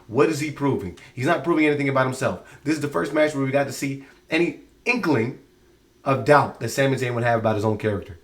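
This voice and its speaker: A man's voice: mid-range voice, fairly quick. Exasperated man ranting in a review. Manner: exasperated, rambling with frequent restarts. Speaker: wrestling show reviewer. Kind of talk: casual spoken review.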